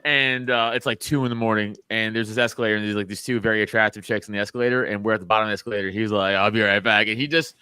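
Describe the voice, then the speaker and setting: A man's voice: lowish voice, steady tone, very fast, few pauses, bright, forceful tone, smooth, dry recording. A man from Staten Island telling stories on a podcast, loose and laughing, swearing a lot. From Staten Island, New York. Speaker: podcast host. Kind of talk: casual chat.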